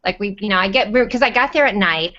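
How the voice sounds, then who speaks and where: A woman hosts a casual live video chat in a bubbly, teasing way, tossing quick asides to viewers. Her voice sits at an ordinary middle pitch. The audio is dull and lo-fi, like a video call. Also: animated, sharp tone. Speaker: host.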